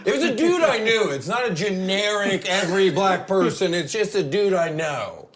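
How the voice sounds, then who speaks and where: A man's voice: high voice, sing-song, normal speed, very noisy. A man guest on a podcast, telling stories in a playful, casual way. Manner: playful storyteller. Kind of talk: casual chat.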